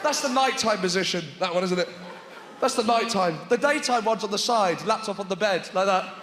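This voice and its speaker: A man performing stand-up comedy on a theatre stage, animated and often shouting. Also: high voice, brisk. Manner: animated, shouting bits and put-on voices. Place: large theatre stage with live audience. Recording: echoey hall with crowd noise.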